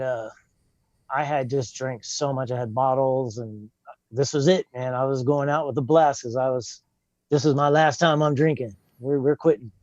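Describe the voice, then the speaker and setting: A man's voice: medium pitch, a little mellow, no room sound, dull audio. An older man tells his own life story in plain, earnest words, often acting out what he said back then. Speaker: guest telling his testimony. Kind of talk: personal testimony, casual storytelling.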